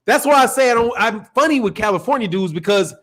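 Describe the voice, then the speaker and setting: High-pitched chicago guy hosting a boxing live stream, rambling, swearing, laughing a lot. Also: expressive, fast, a bit bright. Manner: loose, profane, laughs often, rambling. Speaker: boxing channel host. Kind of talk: casual live-stream rant.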